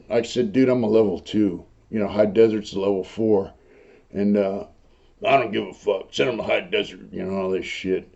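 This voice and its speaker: An older man telling his own prison stories in a rough, profane, rambling way, full of fillers. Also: lowish voice, dark tone. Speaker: host recounting prison life. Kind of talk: casual storytelling monologue. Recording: dull lo-fi recording.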